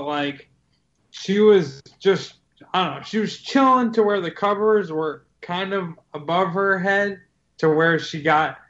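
A man's voice: on the high side, a bit bright. A man co-hosting a podcast, chatting in a laid-back, joking way. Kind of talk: casual chat. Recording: dull lo-fi audio.

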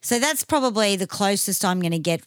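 A woman's voice: medium pitch, animated, a little fast, clean tone, no echo, studio quality. Blunt, swearing Australian woman in casual chat. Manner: blunt, swearing, laughing easily. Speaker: podcast co-host.

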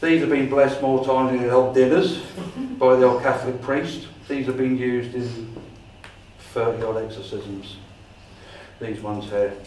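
A man, a paranormal investigator, telling an animated story at a society meeting and acting out his own dialogue. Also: medium pitch, unhurried, slight background noise. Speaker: paranormal investigator giving a talk. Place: meeting room. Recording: echoey room from far off.

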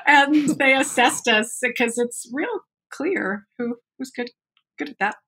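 A middle-aged woman from North Carolina with a Southern accent, telling animated stories with lots of laughter as a podcast guest. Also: high-pitched, unhurried, slightly rough. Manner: animated, laughs often, warm storytelling. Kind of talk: casual chat.

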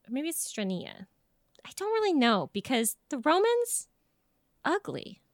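A woman's voice: high voice, a little slow, no room sound, clean studio sound. A young woman co-hosting a podcast, telling folklore in a jokey, swearing, casual way. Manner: animated, jokey, swearing storyteller. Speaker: podcast co-host.

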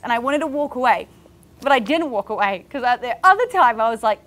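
Chatty, encouraging woman podcaster with a higher voice. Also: animated, a little fast, a bit bright. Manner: chatty and candid, many "like" fillers; encouraging, speaks to listeners directly. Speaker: podcast host. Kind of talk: casual motivational podcast talk.

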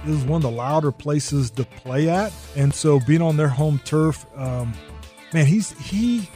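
A man in an interview explains what it was like to play a game, thoughtful and unhurried, with fillers. His voice is a little high for a man, with soft music behind. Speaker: former defensive lineman, interviewee. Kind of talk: interview recollection.

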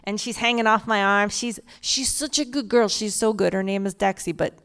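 A woman's voice: medium pitch, moderate pace, a bit bright, smooth. A woman co-hosting a comedy podcast in front of a live audience, chatting casually and profanely and slipping into silly voices. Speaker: podcast co-host.

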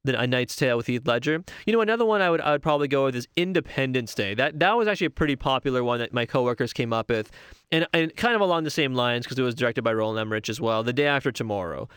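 A man's voice: mid-range voice, animated, rapid-fire, fairly bright tone, clean tone, dry recording, studio quality. A young man chatting casually and enthusiastically on his own, rambling and correcting himself as he goes. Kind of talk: casual solo talk about favorite movies.

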